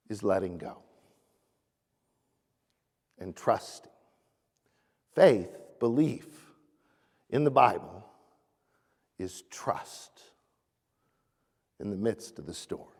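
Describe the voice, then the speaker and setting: A man preaching a sermon as pastor in a church sanctuary, earnest, rising animatedly and dropping soft. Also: mid-range voice, slightly rough. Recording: echoey church hall.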